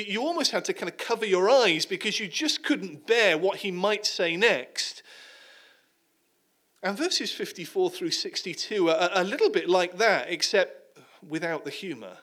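Animated man preaching a sermon. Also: high-pitched. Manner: dramatic storytelling, drops to hushed tones.

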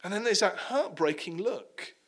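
A man preaching a sermon, retelling the passage dramatically and dropping to hushed tones at the heavy moments. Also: high voice, lively intonation, normal speed.

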